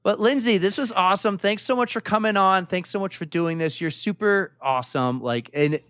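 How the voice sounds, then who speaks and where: Man, Boston accent, smooth resonant voice, dry close sound, enthusiastic podcast chat. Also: high voice, moderate pace, a bit bright, dry recording. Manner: upbeat, rambling, enthusiastic. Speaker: podcast co-host.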